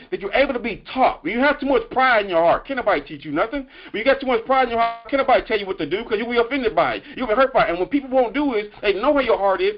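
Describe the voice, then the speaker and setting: A man preaching a sermon, halting with frequent restarts and slowing down to stress key points. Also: sits high, lo-fi sound. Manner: halting with repeated restarts, slows for emphasis. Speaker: pastor.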